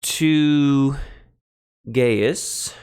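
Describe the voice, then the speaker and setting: A man streaming a Greek translation lesson, thinking aloud in a halting way and pausing while he writes notes. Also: mid-range voice, a little mellow, clear, resonant tone. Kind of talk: relaxed live-stream teaching.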